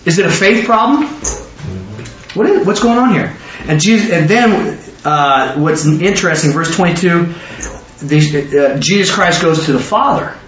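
In an echoey, dull, distant room recording with soft music behind him, a man preaches a Bible study lesson. His voice is on the high side, animated and a bit bright, and he rapidly quizzes listeners, waiting for their responses.

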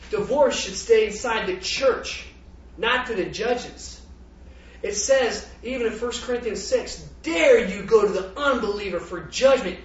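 A man preaching a sermon, animated and laughing, throwing rhetorical questions at his congregation. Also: high-pitched. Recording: roomy, dull, distant from the mic.

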